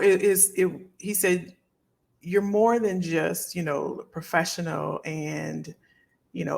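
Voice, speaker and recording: Heartfelt gravelly-voiced woman host. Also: deep voice. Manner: folksy, heartfelt, addresses viewers as y'all. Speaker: career coach hosting a live stream. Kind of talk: emotional livestream chat with viewers.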